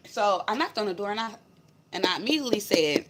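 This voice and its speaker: A woman's voice: mid-range voice, expressive, brisk, noisy background. A woman vlogger telling a personal spiritual story in a blunt, emphatic, profane way. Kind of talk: casual storytelling to camera.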